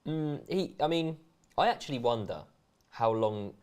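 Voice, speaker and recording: A man's voice: mid-range voice, lively intonation, unhurried, a little mellow, clean tone. A man co-hosting a casual football watchalong, reading out viewer comments, chatty and laughing often. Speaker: co-host reading viewer chat. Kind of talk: casual chat during a match watchalong.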